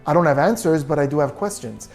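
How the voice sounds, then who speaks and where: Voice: medium pitch, fast, darkish tone, faint music behind. A body language analyst giving true crime video commentary, reasoning through details and asking many questions.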